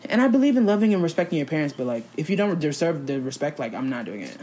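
Animated New woman ranting. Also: deep voice, fast, a little hiss or hum. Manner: animated, emphatic slang-heavy ranting. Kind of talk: casual chat.

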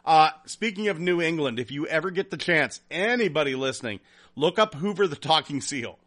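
A man hosting a casual podcast, reading listener comments and telling a story in a profane, animated way. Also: a little high, fairly quick. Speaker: podcast host.

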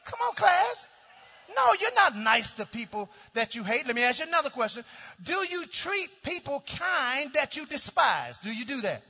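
A middle-aged male pastor preaching a sermon with call-and-response, swinging from shouts down to low, quiet tones. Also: very animated, moderate pace. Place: church sanctuary. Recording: dull sound with long hall reverb.

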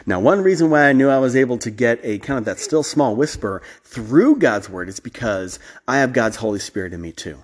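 A man's voice: medium pitch, expressive, a little fast, few pauses. A man hosting a podcast, talking in a casual preaching style, blunt and emphatic, with restarts and side remarks. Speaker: podcast host.

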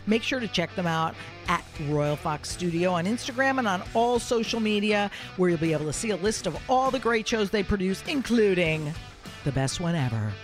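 Brash woman with a lively voice. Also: medium pitch, normal speed, over music. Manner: brash, profane and joking. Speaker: co-host reading a sponsor ad. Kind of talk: casual ad read.

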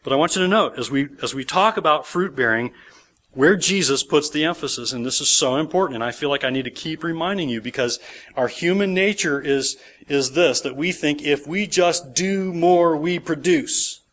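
A man's voice: fairly high pitch, normal speed, fairly bright tone. A man pastor preaching a sermon, emphatic and repeating key words for stress.

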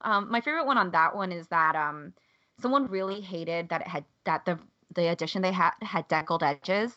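A woman hosting a casual podcast chat, chatty and laughing often, animated when quoting others. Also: lowish voice, brisk, dry recording, dull audio. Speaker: podcast host.

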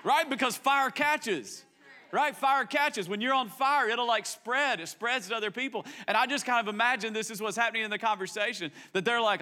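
A man preaching as a pastor, animated and acting out the people in the story, sometimes dropping to a soft, reflective tone. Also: very high voice, fairly quick. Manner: drops to soft, quiet tones when reflective. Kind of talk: sermon.

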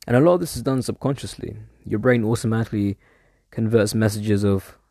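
A man's voice: lowish voice, a little fast, warm tone, dry recording, studio quality. A man in a rambling, digressive solo monologue, casually chatting and now and then swearing.

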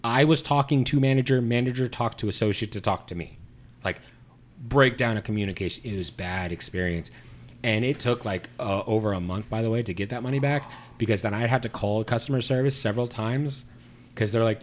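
A man's voice: medium pitch, a little fast, a little hiss or hum. A man telling a story in casual chat, ranting with animation and acting out both sides of the exchange. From Puerto Rico.

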